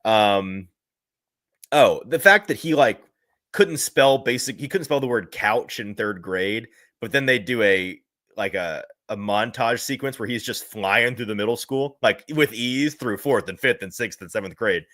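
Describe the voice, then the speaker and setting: A man's voice: on the low side, expressive, a little slow, a bit bright, no echo, studio quality. A man in casual chat as a co-host, rambling and restarting his sentences as he runs through notes. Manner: rambling, self-interrupting, laughs at his own quotes.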